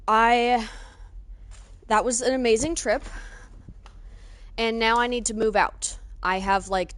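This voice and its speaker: A woman streaming live, chatting casually and excitedly greeting her viewers. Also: mid-range voice. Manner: excitable, greets chat warmly.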